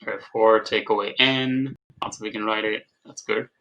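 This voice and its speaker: Bright-voiced male math tutor on a call. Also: lowish voice, fairly even intonation, normal speed, poor audio. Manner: patient, repeats prompts, asks checking questions. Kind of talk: online tutoring session. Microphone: video call.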